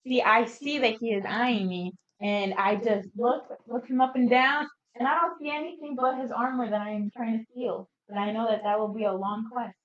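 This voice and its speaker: A woman's voice: on the high side, steady tone, normal speed, few pauses, fairly bright tone, roomy sound, lo-fi sound. A woman playing a thief in a tabletop game, chatty and hesitant with fillers. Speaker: player.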